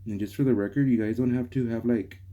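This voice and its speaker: A man's voice: medium pitch, steady tone, quick pace, phone-quality sound, slight background noise. A young man rambling casually to viewers in a garage vlog, calling them guys. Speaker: car vlogger. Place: home garage workshop.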